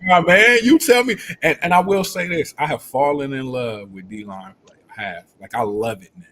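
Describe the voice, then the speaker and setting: A man hosting a live stream as a football coach, telling stories in an animated, rambling way and laughing often. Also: mid-range voice, normal speed. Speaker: football coach and show host. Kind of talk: casual live-stream talk.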